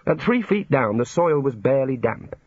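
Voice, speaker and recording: A man's voice: mid-range voice, very animated, normal speed, breathy edge, dry recording. A man narrating a comic fantasy novel in a dry storytelling manner. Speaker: audiobook narrator. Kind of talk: scripted narration. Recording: dull lo-fi recording.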